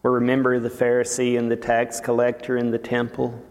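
A man's voice: mid-range voice, monotone, a little fast, few pauses, a little mellow. A man preaching a sermon, retelling a parable in a dramatic storytelling manner. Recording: long reverb of a large hall.

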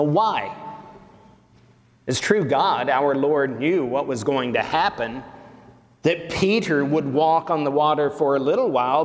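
Man preaching, slow measured delivery, somewhat high voice, long hall reverb. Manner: slow, deliberate preaching with emphatic rises. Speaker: pastor. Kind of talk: sermon.

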